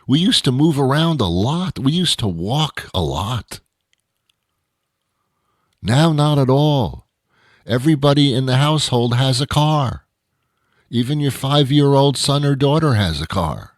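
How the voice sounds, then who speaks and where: A male host giving a wry, rambling comedic monologue with dramatic pauses. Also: medium pitch, animated, dry recording, studio quality.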